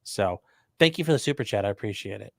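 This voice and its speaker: This male livestream host has a gravelly, lowish voice with lively intonation, captured in a dry, studio-quality recording. He chats loosely, reads viewer super chats aloud, and frequently halts and repeats words.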